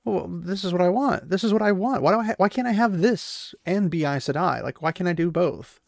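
A man's voice: high-pitched, animated, a little fast, vocal fry, no echo, clean studio sound, pitched above the performer's own voice. A man voicing a young woman torn between the life she wants and her duty, pleading and questioning.

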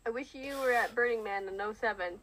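A woman's voice: on the high side, slight background noise, low-quality recording. A young woman chatting and giggling during a party card game over an online voice call. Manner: giggly, quick flat refusals.

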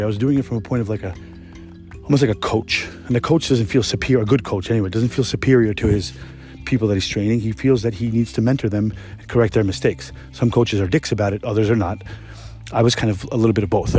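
A young man who cooks in a restaurant hosts a podcast, telling work stories alone in a rambling, profane, laid-back manner. His voice is medium in pitch and mellow.

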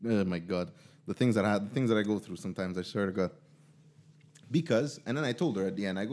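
A man co-hosting a podcast, telling a story in loose, animated casual chat full of fillers. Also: fairly low pitch, fast. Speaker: podcast co-host.

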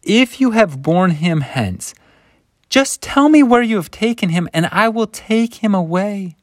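Man playing a frantic weeping woman, voice pushed up high and loud, dry close sound. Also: animated, extremely slow, no echo, exaggerated voice. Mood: pleading, distraught. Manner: pleading, high and strained. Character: grieving, frantic woman at a tomb.

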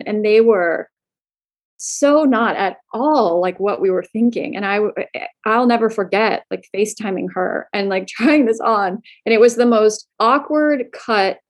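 A woman from Florida talks about starting her clothing line in a relaxed interview. Her pitch sits in a middle range, and she tells her stories in a loose, animated way, full of fillers and quick laughs. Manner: chatty, animated, laughs often, many fillers. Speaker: clothing brand co-founder. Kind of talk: casual interview storytelling.

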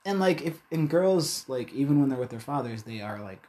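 A man's voice: mid-range voice, brisk. A man chatting casually as a co-host, rambling and swearing freely as he tells stories. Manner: animated, profane, rambling storyteller. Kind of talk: casual chat.

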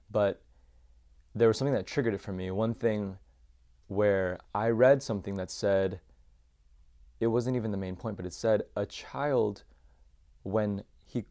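Male, 30s, deep and gravelly, reflective storyteller, halting. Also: a little mellow. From United States. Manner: reflective, halting, many fillers. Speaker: podcast guest, former youth pastor. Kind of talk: personal storytelling.

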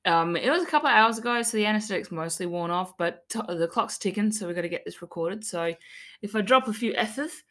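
A woman's voice: mid-range voice, expressive, fast, a bit bright. A young Australian woman co-hosting a casual podcast, cheeky and swearing freely, with a slight lisp from fresh dental fillings. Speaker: podcast co-host.

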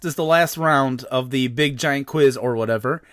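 A man's voice: mid-range voice, normal speed, a bit bright, dry recording, clean studio sound. A man hosting a comedy podcast, reading quiz questions in a playful, mock-serious way. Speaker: podcast host.

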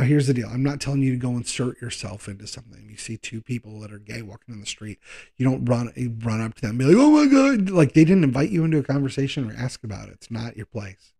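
In a sermon, a man with a gravelly, husky, mid-pitched voice preaches in a relaxed, conversational style. He stretches out key words for emphasis and rushes through quick asides.

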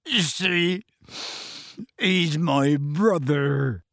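A man voicing a huge, gentle half-giant man who is anxious and close to tears, speaking in hushed, earnest tones with rustic grammar. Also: medium pitch, expressive, takes it slowly, vocal fry, husky, no room sound, full character voice.

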